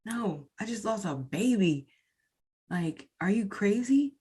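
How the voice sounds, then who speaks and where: A woman's voice: medium pitch, expressive, slow, mellow, husky. A woman podcast host recounting a painful personal experience in a candid, emotional way, speaking directly to her listeners. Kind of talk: personal storytelling.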